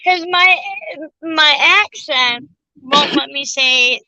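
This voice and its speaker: A woman's voice: sits high, takes it slowly, pushed and bright, no echo, highs cut off. A woman co-host, chatting bubbly and teasing on a livestream. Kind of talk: casual chat on a livestream.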